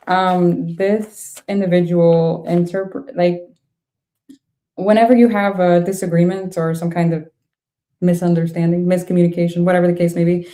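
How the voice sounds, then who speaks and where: Woman tarot reader, low mellow voice, chatty and reactive. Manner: thinks aloud, laughs often, frank reactions. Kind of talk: casual tarot reading.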